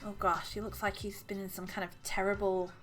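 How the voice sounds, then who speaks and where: A woman's voice: medium pitch, little pitch movement, brisk, a bit bright, soft background music. A woman chatting casually and laughing often while crocheting on a live stream.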